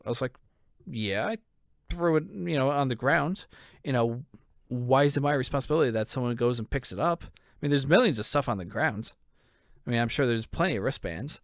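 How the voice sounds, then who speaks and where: A man's voice: mid-range voice, expressive, brisk, gravelly, long pauses, no room sound, clean studio sound. A man co-hosting a podcast, casually telling a long rambling story, swearing and acting out what people said. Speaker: podcast co-host. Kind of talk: casual chat.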